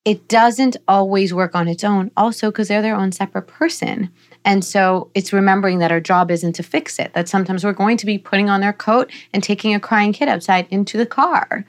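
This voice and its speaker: A middle-aged woman psychologist on a podcast explains parenting earnestly, like a teacher, and becomes playfully animated in her examples. She speaks in a mid-range voice, a little fast.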